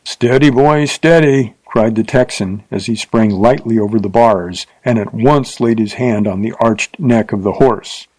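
A man reading a Western adventure story aloud in a steady, dramatic narration. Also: lowish voice, no echo, rough recording. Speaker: audiobook narrator.

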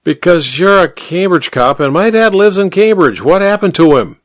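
A man's voice: sits high, sing-song, normal speed, no room sound, pitched above the performer's own voice. Man voicing a slurred, belligerent drunk. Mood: wary, slurred. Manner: slurred, hostile. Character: drunk, belligerent shabby man around fifty.

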